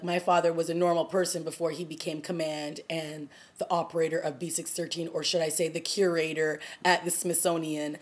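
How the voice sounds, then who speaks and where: Chatty woman gushing over a TV episode. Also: fairly low pitch. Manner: animated, chatty, laughs often, acts out scenes. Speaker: TV review vlogger. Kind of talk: casual TV episode review.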